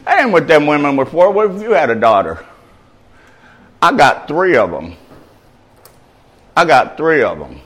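A man preaching in an informal, conversational way, slipping into street slang between Bible verses. His voice swings widely and sits a little high, and he slows right down and lifts his volume when he quotes scripture. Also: sing-song, low-quality recording. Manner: quotes scripture loudly and slowly. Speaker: faith-based mentor preaching. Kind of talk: informal sermon.

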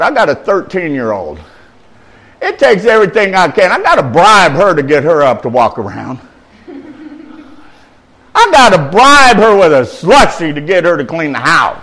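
Middle-aged male preacher, street-slang sermon, lively swings in pitch. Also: normal speed, poor audio. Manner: slangy, emphatic, retelling scripture in street talk.

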